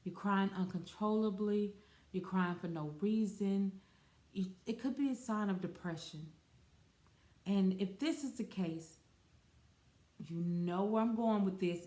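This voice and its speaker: A woman's voice: on the low side, darkish tone. A woman in her forties hosting a podcast, talking casually and rambling with fillers and self-corrections. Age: 40s. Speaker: podcast host. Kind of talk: casual solo podcast talk. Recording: roomy echo.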